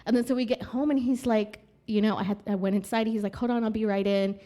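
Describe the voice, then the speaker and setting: A young woman guesting on a podcast tells a story in casual conversation, her mid-range voice moving at a quick clip. She's animated, laughs a lot, and acts out the things people said.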